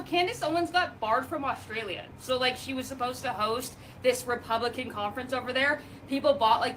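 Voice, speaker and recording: Sarcastic woman, high bright voice, casual reaction clip. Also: a little hiss or hum. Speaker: commentator.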